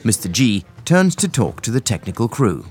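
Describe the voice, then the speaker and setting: A man narrating an audio drama in a measured, expressive way. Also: on the low side, soft background music. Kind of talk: scripted narration.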